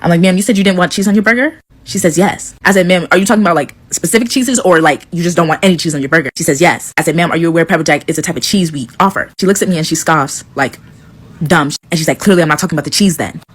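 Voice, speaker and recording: A woman quickly recounting a frustrating run-in with a customer in an exasperated, casual way. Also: on the low side, husky. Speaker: storyteller in a clip. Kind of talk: casual storytelling.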